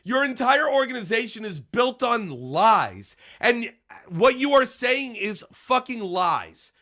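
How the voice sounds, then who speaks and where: High-pitched bright-voiced man ranting angrily. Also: very animated, takes it slowly. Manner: profane, heated, jumps between muttering and shouting; stammering restarts when agitated. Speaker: commentator reacting to an article. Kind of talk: angry ranting commentary.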